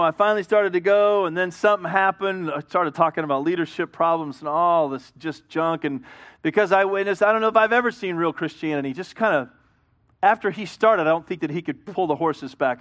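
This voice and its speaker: A man's voice: a little high, a bit bright. Earnest middle-aged man preaching a sermon. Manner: earnest, conversational, acts out dialogue in a story. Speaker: pastor. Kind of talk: sermon with storytelling.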